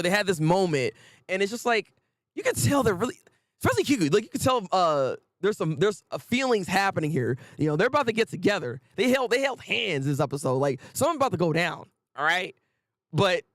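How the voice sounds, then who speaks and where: Lively high-voiced man recapping anime. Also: dry recording. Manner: animated, laughs often, acts out characters' lines. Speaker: anime review host. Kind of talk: casual anime episode recap.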